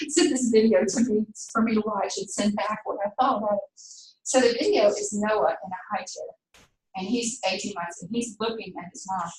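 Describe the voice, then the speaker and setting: A woman's voice: medium pitch, a little hiss or hum. An older woman with a Southern US accent lecturing a class in a chatty, digressive way, laughing often. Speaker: teacher. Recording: roomy, distant classroom mic.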